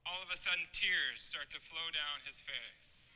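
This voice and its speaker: A man gives a testimony with earnest, dramatic pacing. His voice sits high and rings very bright. He lets pauses do the work. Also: rough recording. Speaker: speaker giving a testimony. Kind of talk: emotional storytelling testimony.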